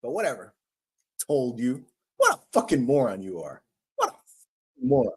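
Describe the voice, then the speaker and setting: A man's voice: medium pitch, wildly swooping pitch, moderate pace, creaky, slightly rough. Profane ranting male livestream host. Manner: profane, exasperated, stammering rant. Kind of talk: casual livestream rant.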